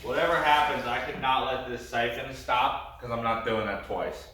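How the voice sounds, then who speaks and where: A man's voice: mid-range voice, steady tone, moderate pace, bright, forceful tone. A man feeling nauseous, groaning and rambling as he talks casually for his vlog. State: nauseous, queasy. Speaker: car-build vlogger. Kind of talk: casual vlog talk to camera. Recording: echoey room, far from the mic, faint noise.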